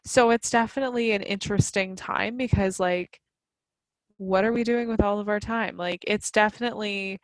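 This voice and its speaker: A woman's voice: mid-range voice, fairly even intonation, normal speed, no echo, low-quality recording. Chatty woman podcast co-host, dry sound. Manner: chatty, peppered with "like". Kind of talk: casual chat.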